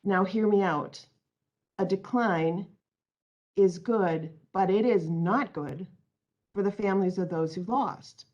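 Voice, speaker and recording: A woman's voice: medium pitch, slow, darkish tone, highs cut off. A woman presenting an online training webinar, reading out audience answers and then explaining her points earnestly, on a computer mic.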